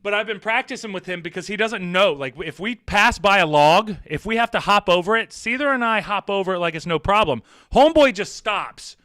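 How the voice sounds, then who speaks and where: Man, high and bright voice, loose profane streamer chatter, teasing the chat, dry close mic. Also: expressive, fairly quick, few pauses, no echo. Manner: rambling, profane, teasing, laughs often. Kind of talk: casual live-stream chat.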